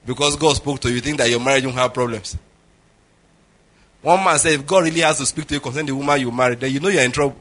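A man's voice: mid-range voice, quick pace, fairly bright tone. A middle-aged man preaching a sermon, telling stories with jokes and Pidgin asides. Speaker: pastor.

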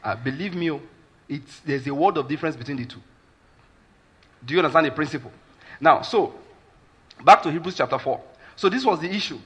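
A man's voice: on the high side, lively intonation, a little fast, pauses often, fairly bright tone, breathy edge. A Nigerian man preaching a sermon as a pastor, emphatic and keeps asking his listeners whether they follow.

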